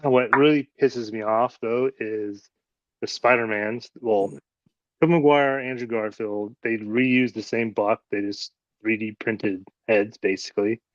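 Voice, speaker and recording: A man's voice: fairly low pitch, fairly even intonation, a little slow, no echo. Man hosting, swearing in dull lo-fi audio. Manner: rambling, swears freely. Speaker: host. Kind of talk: casual chat.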